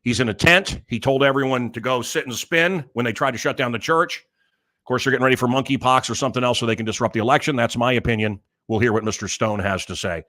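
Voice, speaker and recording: A man's voice: mid-range voice, quick pace, sharp tone. A man hosting his own show, talking in a loose, rambling monologue that jumps between topics with lots of fillers. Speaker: talk show host. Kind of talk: casual monologue.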